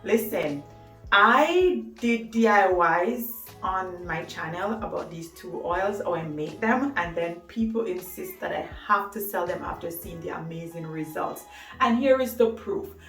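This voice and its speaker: A woman's voice: fairly low pitch, animated, measured pace, fairly bright tone. A woman talking to camera about hair care, chatty and enthusiastic, often laughing. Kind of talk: casual talk to camera. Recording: roomy echo, mic at a distance, faint music.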